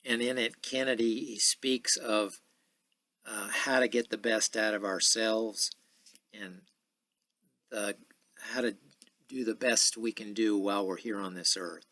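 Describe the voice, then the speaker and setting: A man in his sixties hosting a podcast in a casual, rambling monologue full of filler pauses. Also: on the low side, steady tone, bright, forceful tone, no echo. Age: 60s. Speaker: podcast host.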